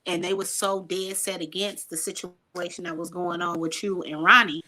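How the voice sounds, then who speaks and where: Woman, casual co-host, bright voice, emphatic. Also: fairly low pitch, steady tone, moderate pace, a little hiss or hum. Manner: emphatic, reasoning through points. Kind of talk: casual story chat.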